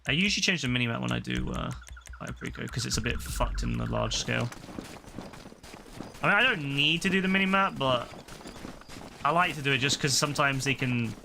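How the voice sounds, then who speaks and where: A man talks over his gameplay in a loose, sarcastic way, full of swearing. His voice is mid-pitched with a lot of gravelly fry. Plenty of noise sits behind him in the recording. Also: expressive, brisk, pauses often. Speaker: gaming commentator. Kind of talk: casual gameplay commentary.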